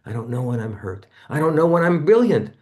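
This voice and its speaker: A man's voice: very animated, a little fast, darkish tone. A man in his seventies, a guest in an interview, recounting personal experiences in a reflective, conversational way. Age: 70s. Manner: personal storytelling, acts out remembered voices with sudden jumps in pitch.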